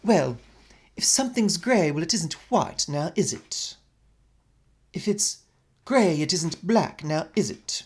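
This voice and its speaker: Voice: medium pitch, animated, takes it slowly, long pauses, darkish tone, voice pushed up. A smug, sarcastic male professor , as a lecturer imitates him, speaks in a put-on British accent. His voice rises and falls in a showy way, talking down to a student.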